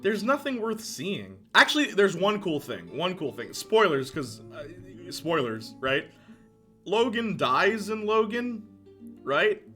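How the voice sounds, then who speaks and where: Excitable man chatting on a live stream. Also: sits high, slow pace, soft background music. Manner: excitable, chatty, laughs often, reacts to chat. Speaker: streamer ranking movies. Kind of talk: casual live-stream chat.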